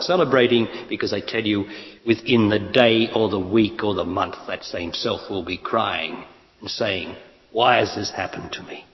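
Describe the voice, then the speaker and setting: A man giving a spiritual talk to an audience, blunt and emphatic, asking rhetorical questions. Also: on the low side. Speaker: spiritual teacher. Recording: lo-fi echoey hall.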